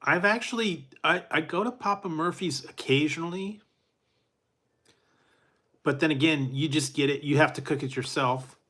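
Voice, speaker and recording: A man's voice: fairly high pitch, moderate pace, pauses often, sharp tone. Laid-back rambling man chatting about pizza. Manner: rambling, laid-back, chuckles often, many fillers. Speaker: food reviewer. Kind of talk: casual chat with live chat viewers.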